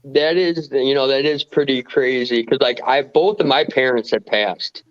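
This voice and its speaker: A man's voice: medium pitch, normal speed. Guy chatting, kinda hesitant, says definitely a lot, muffled audio. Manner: hesitant, agreeable. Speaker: listener. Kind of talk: casual chat.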